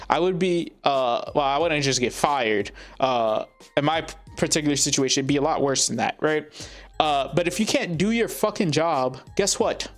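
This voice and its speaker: A man ranting angrily about a game, swearing often and pausing on fillers. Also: fairly high pitch. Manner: profane, heated, frequent filler pauses. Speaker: gaming commentator. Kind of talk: angry rant to camera.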